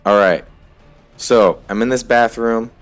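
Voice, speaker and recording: A man's voice: medium pitch, fairly even intonation, unhurried, faint music behind. A man playing in a tabletop game, thinking aloud and hesitating over his choices. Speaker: player.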